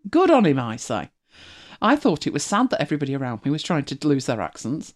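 Brisk and low-pitched, her voice makes huge swings in pitch. This middle-aged host from Manchester has a mild local accent and rambles, laughs often and reads out listener comments in a casual chat.

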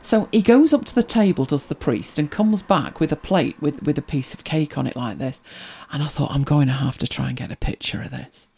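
This British woman talks briskly with few pauses, her voice slightly rough and touched with vocal fry. Hosting a casual livestream, she reads comments from viewers and spins wry, chatty anecdotes with lively pitch changes.

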